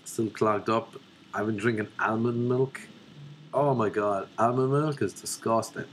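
A man's voice: on the low side, unhurried, a little hiss or hum. A young man with an Irish accent gives a profane, ranting comedic monologue as a vlogger. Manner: profane, ranting, animated storyteller.

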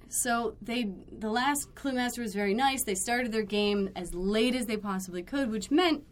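A woman on a podcast telling a work story in casual chat, animated, acting out quoted lines and adding blunt, dry asides. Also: on the high side.

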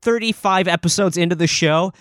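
A man co-hosting a casual podcast over a video call, animated and profane, laughing often. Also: high-pitched, fairly quick, no echo, studio quality. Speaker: podcast co-host.

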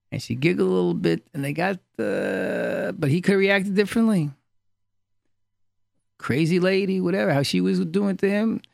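A man with a heavily gravelly, fry-laden voice gives a relaxed Torah class, weaving in anecdotes and hammering home a refrain by repeating it. His voice sits a little high for a man. The sound is close and completely dry, with no room around it. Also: normal speed, pauses often, dry recording. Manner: storytelling, repeats key phrases for emphasis. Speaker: rabbi.

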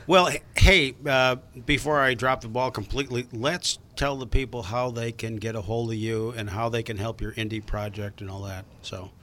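A man's voice: mid-range voice, steady tone, moderate pace, few pauses, fairly bright tone. A man hosting a casual talk show, chatty and rambling, with lots of fillers. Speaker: podcast host.

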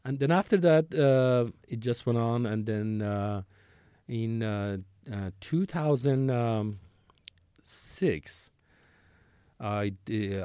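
A man's voice: on the low side, mellow, smooth, no echo, studio quality. A man in his sixties telling a long work story as an interview guest, rambling, with restarts and acted-out dialogue. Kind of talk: conversational storytelling.

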